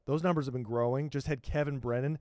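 A man's voice: mid-range voice, steady tone, fast, a little mellow, dry recording. A man hosting a comedy podcast, riffing in a profane, rambling and sarcastic way. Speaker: podcast host.

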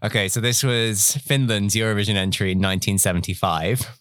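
A man's voice: fairly low pitch, brisk, a bit bright, no room sound, studio quality. A man co-hosting a podcast quiz, playful, giggly and theatrical. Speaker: quiz co-host and question master.

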